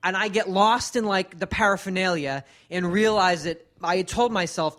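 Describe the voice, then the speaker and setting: A man's voice: high-pitched, moderate pace, hardly any pauses, a bit bright. A man co-hosting a podcast, telling a rambling, casual story with many fillers and restarts. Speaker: podcast co-host.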